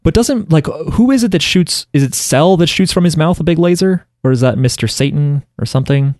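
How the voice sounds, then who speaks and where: A man's voice: fairly high pitch, animated, fairly quick, darkish tone, no room sound, clean studio sound. A man co-hosting a podcast, recapping an anime in a casual, rambling way with lots of fillers and restarts. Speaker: podcast co-host.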